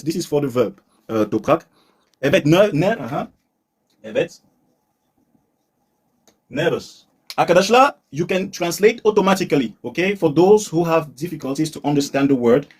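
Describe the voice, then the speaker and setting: Man, English teacher, husky voice, a bit high, patient, repeats words, live stream lesson. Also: darkish tone.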